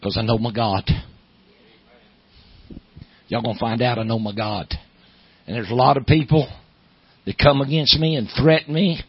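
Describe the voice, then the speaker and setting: A middle-aged man with a Southern accent, a pastor preaching a sermon, moving from low storytelling to loud, emphatic preaching. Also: steady tone, normal speed, breathy edge, no echo, muffled recording.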